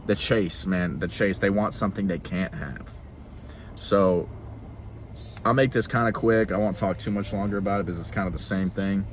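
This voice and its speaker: Young man, vlogger, earnest monologue, emphatic repeats, low voice. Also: noisy background. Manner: emphatic, repeats phrases, quick laughs. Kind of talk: earnest talking-head monologue.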